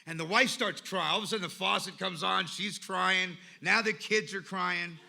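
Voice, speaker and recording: Male speaker, recovery-meeting share. Bright, tense tone, slightly high pitch. Emphatic storyteller. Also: normal speed, vocal fry. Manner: emphatic storytelling with lists and repetition. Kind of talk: personal recovery talk.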